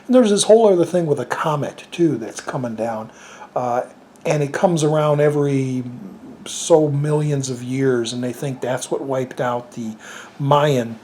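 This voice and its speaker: A man talks through a casual spoken review, rambling and restarting his sentences with plenty of fillers. He sounds amused by what he describes. His voice sits at an ordinary middle pitch, with a faint hiss behind it. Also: a little slow, darkish tone. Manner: amused, chuckles at the film. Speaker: movie reviewer.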